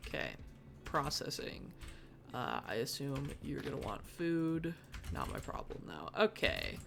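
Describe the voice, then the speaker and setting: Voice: medium pitch, wildly swooping pitch, measured pace, vocal fry. A streamer thinking aloud through live gameplay, with mock-dramatic bursts of frustration. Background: faint background music.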